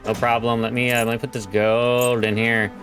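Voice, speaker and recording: A man's voice: medium pitch, level tone, moderate pace, a bit bright, faint music behind, rough recording. A man casually commenting on a game he's playing, slangy and joking. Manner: slangy, laid-back, joking. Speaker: gaming channel host. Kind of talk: casual let's play commentary.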